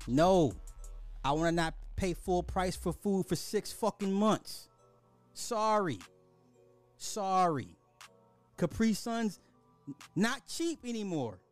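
A man hosting a podcast, ranting bluntly in casual social commentary, full of profanity and sarcastic apologies. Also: high voice. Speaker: podcast host.

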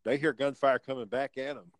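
A man's voice: medium pitch, flat delivery, moderate pace, noisy background. Laid-back man rambling a story. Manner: laid-back, rambling, swears, lots of fillers. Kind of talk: casual storytelling chat.

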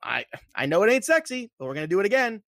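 A fantasy football podcast co-host talks casual sports betting, his high-sitting voice very animated, fast, a bit bright, and touched with vocal fry. He chats emphatically and repeats points to drive them home. The sound is clean studio quality with no room sound.

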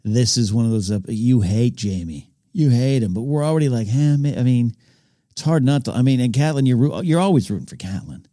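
A man's voice: medium pitch, expressive, fairly quick, warm tone, no room sound, studio quality. A man hosting a podcast, recapping an episode in an enthusiastic, rambling way with frequent restarts. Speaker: podcast host. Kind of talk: casual episode recap commentary.

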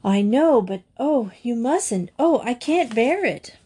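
Woman doing a scared little schoolgirl in a storybook, pleading and close to sobbing, high and bright above the reader's own voice, words coming slowly. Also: animated, husky, full character voice. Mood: tearful. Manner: pleading, tearful, breaking into sobs. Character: frightened twelve-year-old girl stranded on a mountain.

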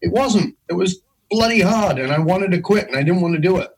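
A middle-aged man telling a personal story in an interview, intense and emphatic, with his pitch swinging widely. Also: expressive, a little fast, breathy edge, rough recording. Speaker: guest, leadership speaker.

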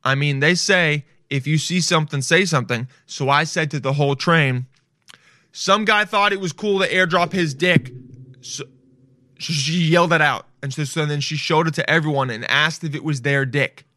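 A man with a slightly high voice gives an animated, foul-mouthed talk straight to his viewers. He swears freely and talks loosely. The sound is dry and close, with little room around it. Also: normal speed, no room sound. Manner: loud, animated, swearing, addressing viewers directly. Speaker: vlogger. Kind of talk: casual profane monologue.

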